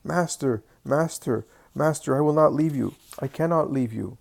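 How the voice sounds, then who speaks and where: A man voicing a gravely ill grown male leper who begs desperately for mercy. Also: medium pitch, measured pace, darkish tone, close to an everyday voice. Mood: clinging. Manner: desperate, imploring cries.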